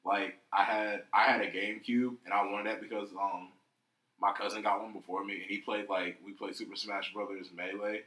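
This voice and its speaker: A young man chatting casually and profanely on a podcast, rambling and animated. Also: fairly low pitch, brisk. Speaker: podcast co-host. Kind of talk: casual chat. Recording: echoey room.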